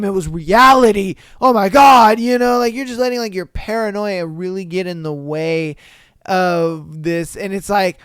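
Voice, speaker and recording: A man's voice: high-pitched, clear, resonant tone, dry recording, studio quality. A man hosting a podcast who reads a listener's story aloud, then comments on it bluntly and animatedly, swearing casually. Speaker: podcast host.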